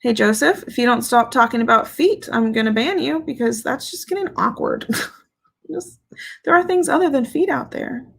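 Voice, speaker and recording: A woman's voice: fairly high pitch, lively intonation, moderate pace, vocal fry, breathy edge. A woman hosting a casual livestream as a fragrance reviewer, speaking candidly and playfully, swearing freely and laughing often. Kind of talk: casual livestream chat, reading viewer comments.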